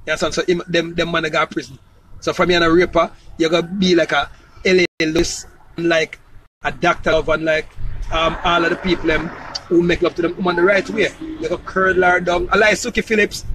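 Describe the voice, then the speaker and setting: Jamaican man, high voice, loose freewheeling monologue, faint noise behind. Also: a bit bright, low-quality recording. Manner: loose, repetitive, asks "you understand?". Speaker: entertainer promoting his new song. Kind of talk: rambling casual monologue.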